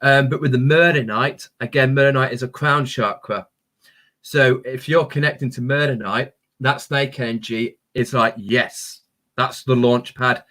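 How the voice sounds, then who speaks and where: Brief: man, crystal-healing livestream host, gentle and encouraging, mid pitch. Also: steady tone, moderate pace. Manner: gentle, encouraging, spiritual talk with many ums. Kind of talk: live-stream chat reading viewer comments.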